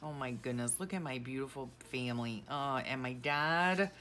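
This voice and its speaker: A middle-aged woman vlogger with a very deep, slightly bright voice chats at normal speed while decluttering her craft keepsakes. She's casual and sentimental, gushing and rambling, and a little hiss or hum sits in the recording.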